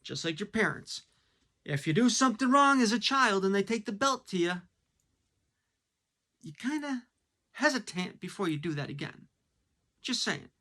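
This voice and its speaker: A man's voice: sits high, very animated, moderate pace, pauses often, sharp tone. A man giving a blunt, casual opinion monologue, full of fillers and rhetorical questions. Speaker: commentator.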